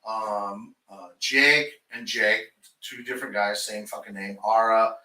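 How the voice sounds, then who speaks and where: A man's voice: fairly low pitch, steady tone, measured pace, bright, forceful tone, recorded from a distance. A shop owner talking in a casual podcast chat, heated and profane, ranting about his business. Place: garage. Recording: roomy garage, off-mic.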